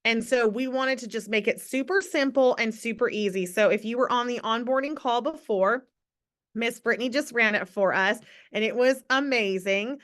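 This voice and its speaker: Upbeat woman host, slightly high voice, video call, encouraging team leader. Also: a bit bright. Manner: bubbly, encouraging, fast shifts in pace.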